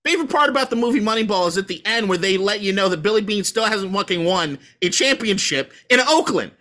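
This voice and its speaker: A sports podcast host in full rant, swearing and hammering the same words again and again. The voice leaps all over its range with a bright, cutting edge. It sounds like casual sports talk that has boiled over. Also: mid-range voice, animated, fast. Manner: heated, profane ranting; emphatic repetition.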